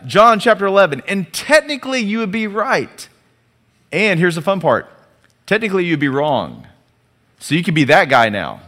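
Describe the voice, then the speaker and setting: A male pastor delivering a sermon in a church sanctuary, his voice sitting somewhat high for a man. He keeps it conversational, firing off rhetorical questions and inviting the congregation to call back. A long hall reverb trails every phrase. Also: big pitch swings, a little slow, a bit bright.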